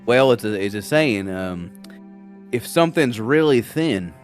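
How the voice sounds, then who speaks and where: A man playing in a tabletop game, explaining things in a relaxed way. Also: on the low side, unhurried, soft background music. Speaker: player. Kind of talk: casual tabletop role-play.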